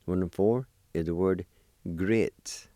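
Slow, deep-voiced man teaching words. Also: warm tone, dry recording, studio quality. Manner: slow, deliberate, repeats each word. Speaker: language teacher. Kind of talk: slow spelling and pronunciation lesson.

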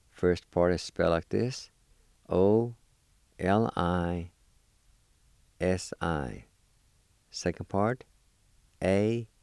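Slow, deep-voiced man teaching words. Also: gravelly, warm tone, smooth, no echo, clean studio sound. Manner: patient, spells letter by letter and repeats words slowly. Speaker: language teacher. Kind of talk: slow spelling and pronunciation lesson.

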